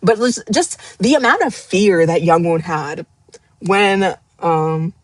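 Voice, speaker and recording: A woman's voice: lowish voice, expressive, takes it slowly, no echo. A woman hosting a casual live book club stream, getting emotional, laughing and nearly crying as she rereads passages. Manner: emotional, laughing and near tears while rereading. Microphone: glasses-wearing streamer at her screen.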